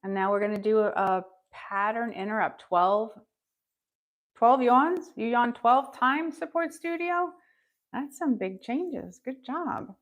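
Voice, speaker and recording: A woman with a fairly high voice takes it slowly while leading an upbeat, encouraging live tapping session. She checks in with the chat, reads out viewers' scores, and has them repeat phrases after her.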